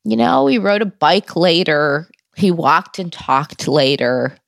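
A woman's voice: on the low side, expressive, takes it slowly, creaky, dry recording, clean studio sound. A woman guest in an interview, telling a personal story in a candid, conversational way with wry humor.

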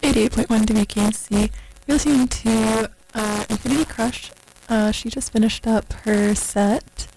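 A woman's voice: a little high, moderate pace, creaky, a little hiss or hum, low-quality recording. Giggly young woman hosting college radio. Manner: relaxed, filler-heavy, giggly. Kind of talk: casual on-air chat. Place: radio studio.

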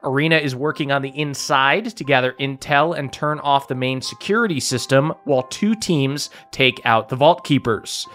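A man's voice: mid-range voice, moderate pace, hardly any pauses. Man as game master, easygoing, chatty, faint guitar music behind. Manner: relaxed, laughs often, many fillers. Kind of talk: narrating a tabletop game.

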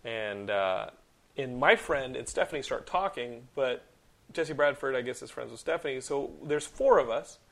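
Gravelly podcast host guy in his 30s, mid pitch, rants and swears telling a story. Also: moderate pace. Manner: animated storyteller, swears freely, rants loudly. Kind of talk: casual chat.

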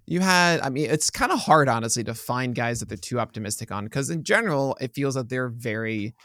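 A man co-hosting a podcast, chatting casually and joking, often trailing off into quieter asides. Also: mid-range voice, lively intonation, brisk, no echo, clean studio sound. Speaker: podcast co-host. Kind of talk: casual chat.

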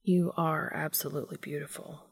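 A woman voicing a gentle, teasing man who speaks in soft murmurs. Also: sits low, moderate pace, no echo, pitched below the performer's own voice. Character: gentle, teasing man caring for his partner.

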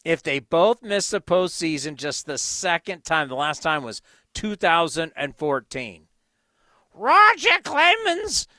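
A man hosting a radio sports show, reading out scores and breaking into excited outbursts. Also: on the high side, clean tone, no room sound. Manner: excitable, bursts into loud exclamations. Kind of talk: scoreboard rundown.

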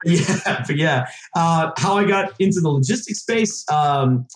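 A man's voice: a little high, lively intonation, measured pace. A man in his thirties from Massachusetts, a podcast guest chatting casually and rambling with lots of fillers and restarts. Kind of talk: casual chat. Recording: roomy echo.

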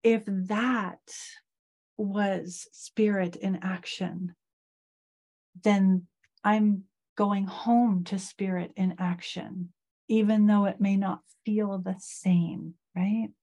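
A middle-aged woman, a guest in an interview, slowly and reflectively telling a personal story of loss. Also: medium pitch, steady tone, mellow.

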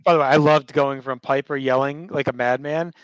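A man co-hosting a podcast, giving relaxed, conversational commentary with fillers. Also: mid-range voice, brisk, clear, resonant tone, no room sound. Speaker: podcast co-host. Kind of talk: casual chat.

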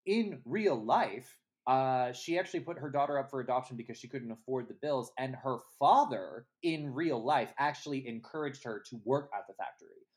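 Animated podcast co-host reviewing a film. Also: mid-range voice, normal speed, few pauses. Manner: animated, acts out scenes in quoted voices. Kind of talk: casual movie review chat.

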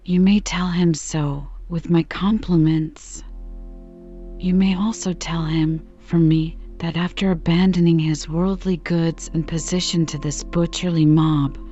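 A woman voicing a loud, scornful, overbearing male lawyer in a dull lo-fi recording. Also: fairly low pitch, steady tone, unhurried, soft background music. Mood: bullying. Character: blustering bullying male lawyer.

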